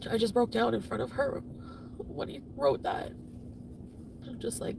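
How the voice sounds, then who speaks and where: A woman venting profanely on a livestream, swinging between shouting and muttering. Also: on the high side, lively intonation, unhurried, creaky, distant mic, background noise. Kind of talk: emotional livestream rant.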